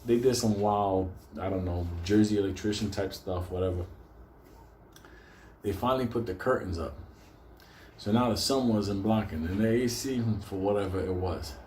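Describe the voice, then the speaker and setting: Guy swearing through a funny story, lowish dark voice, echoey room with faint hum. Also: moderate pace. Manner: swearing constantly, animated storytelling. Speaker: show host. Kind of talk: profane comic storytelling.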